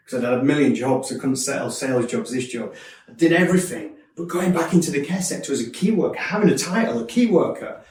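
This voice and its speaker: A man's voice: medium pitch, a little mellow, distant mic. Earnest man in an echoey room. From Yorkshire, England. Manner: candid, earnest, quick restarts and repeats. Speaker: speaker sharing his life story. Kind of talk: personal testimony talk.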